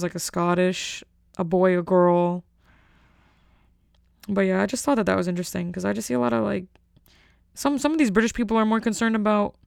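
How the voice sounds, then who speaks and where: A woman's voice: medium pitch, gravelly, clean tone, no room sound, clean studio sound. A young woman delivering a rambling, jokey comedic monologue and often interrupting herself.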